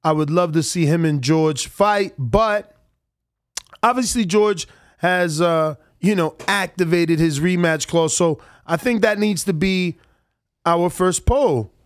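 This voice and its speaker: A man co-hosting a casual boxing talk show, chatting in an animated, conversational way. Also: high voice, takes it slowly, no echo, studio quality. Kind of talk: casual sports chat.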